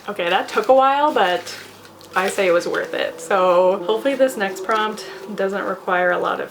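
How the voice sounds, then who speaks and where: Young female book vlogger, animated, self-talking, giggly; faint room hiss behind. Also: mid-range voice. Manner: animated, laughs often, talks to herself. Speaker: booktuber. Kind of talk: casual chatty vlog.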